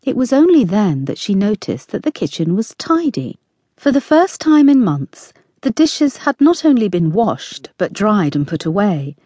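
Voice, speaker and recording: Woman, audiobook narrator, expressive storytelling, lively intonation, dry studio sound. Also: mid-range voice, a little slow, dry recording.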